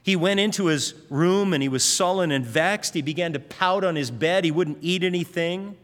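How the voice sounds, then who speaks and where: A man preaching in a big hall, his slightly high voice trailing off into a long reverb. He tells stories in a lively way and briefly acts out the voices of the people in them. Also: normal speed. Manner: storytelling, acts out quoted lines with rising pitch. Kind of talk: sermon.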